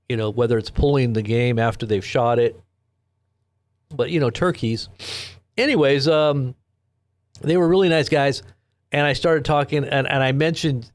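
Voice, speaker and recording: On a dry recording, a medium-pitched man runs a late-night live news stream through his own desk mic. It's casual chat: he reads viewer comments and wanders loosely from story to story.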